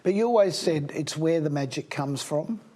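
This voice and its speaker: A man's voice: on the high side, lively intonation, normal speed, warm tone. An older man hosting an interview, reminiscing and asking rambling questions. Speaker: host. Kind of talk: casual interview.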